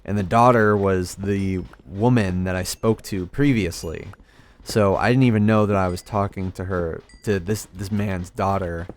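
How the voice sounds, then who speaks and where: A man's voice: low-pitched, measured pace. A young man rambling through a story while playing a game, hesitant and self-deprecating. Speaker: gaming video creator. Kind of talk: casual storytelling over gameplay.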